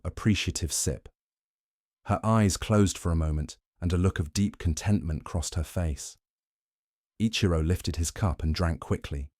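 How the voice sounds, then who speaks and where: A man giving calm, slow, soothing scripted narration of a bedtime story, close to the mic. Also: low voice, no room sound.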